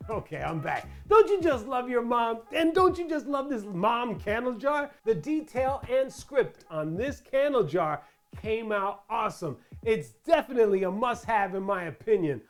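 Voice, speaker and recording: A chatty host walks viewers through a crafting tutorial in voice-over. The delivery is playful, with asides and rhetorical questions aimed at the audience, all at an ordinary middle pitch. Soft music runs quietly underneath. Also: very animated, normal speed.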